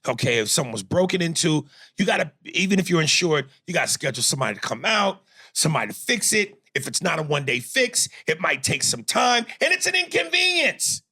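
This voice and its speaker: Animated gravelly man ranting on a podcast. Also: fairly high pitch, quick pace, no room sound, clean studio sound. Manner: animated, swings to loud indignant rants, profane. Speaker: podcast co-host. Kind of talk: casual chat.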